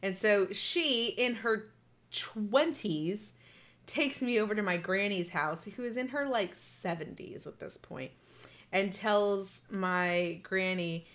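A woman's voice: medium pitch, measured pace, fairly bright tone. A woman telling a story in a casual chat, candid and laughing as she talks, swearing freely.

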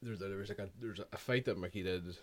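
A man's voice: low voice, fast. A young man telling a rambling, swear-filled anecdote in casual chat.

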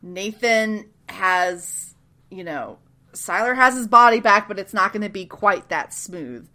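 Woman, casual chat, bright clear tone, animated, laughs often, swears, acts out lines. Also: mid-range voice, measured pace. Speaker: podcast co-host recapping a TV show.

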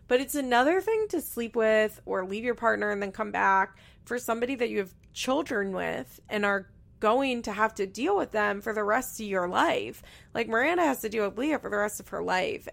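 A woman's voice: medium pitch, creaky, fairly bright tone. A young woman recapping a reality show in a chatty, gossipy way with sarcastic asides. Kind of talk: casual recap commentary.

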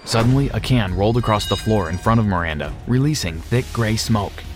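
A man narrating a scripted story in a steady, measured reading voice. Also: fairly low pitch. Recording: music behind.

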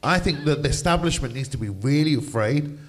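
A man's voice: fairly high pitch, lively intonation, fairly quick. A middle-aged man, a broadcaster and DJ, speaking passionately in a conversational interview, acting out other people's voices when he quotes them. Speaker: radio DJ and broadcaster, interview guest.

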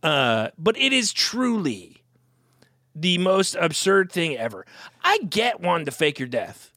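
A man with a high, bright voice that swings up and down as he chats and rambles through a comedy podcast. He keeps restarting his sentences and stacking up fillers. The sound is close and dry. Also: sing-song, unhurried, no echo. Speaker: podcast co-host. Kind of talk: casual comedic chat.

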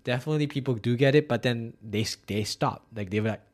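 A man's voice: mid-range voice, fast talker. A man from Malaysia in casual conversation, talking in a loose, filler-heavy way and mixing languages freely. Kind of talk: casual chat.

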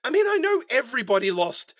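An actor playing a whiny, self-absorbed scientist in a comedy audio drama. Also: male voice, very high-pitched, big pitch swings, fast talker, a bit bright, dry recording, studio quality, exaggerated voice. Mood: self-pitying. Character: self-pitying widowed scientist, Simon.

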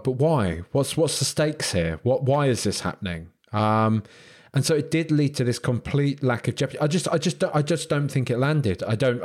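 A man's voice: medium pitch, a little mellow. A man co-hosting a casual film podcast, who often stumbles, repeats words and restarts his sentences. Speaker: podcast co-host. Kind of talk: casual film review chat.

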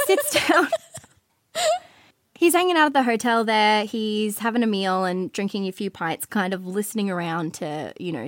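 A woman's voice: lowish voice, dry recording. A woman hosts a podcast and tells a story in a loose, joking way. She acts out the people in the story as she goes. Her voice is dry and close to the mic. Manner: animated, jokey, acts out quotes. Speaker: podcast host. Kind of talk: casual storytelling chat.

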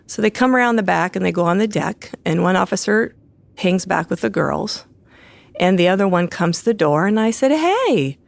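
Woman, interview guest, very gravelly fry, slightly low pitch, animated quoted dialogue. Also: brisk, dry recording. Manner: vivid retelling, acting out quoted lines. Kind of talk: personal storytelling interview.

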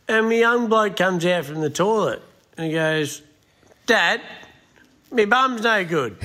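A man's voice: on the high side, a bit bright. A man calling in with a casual, playful story, laughing as he tells it. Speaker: caller leaving a voice message. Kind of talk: casual anecdote.

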